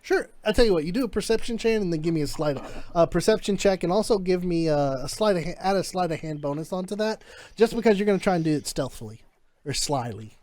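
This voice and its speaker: A man's voice: sits high, expressive, fast, a little mellow, dry recording. A man narrating as game master in a casual, descriptive way.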